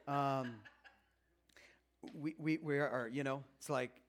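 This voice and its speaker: A man's voice: mid-range voice, unhurried, long pauses. A man in his fifties giving a chatty, self-mocking talk on marriage to a live audience, acting out quoted voices. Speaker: speaker at a marriage seminar.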